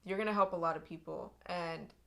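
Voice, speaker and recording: A young woman with a somewhat low voice gives a tarot reading straight to her viewers. She speaks earnestly and with feeling, circling back to repeat herself and restarting her sentences as she goes. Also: a little fast, vocal fry, pushed and bright. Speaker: tarot reader.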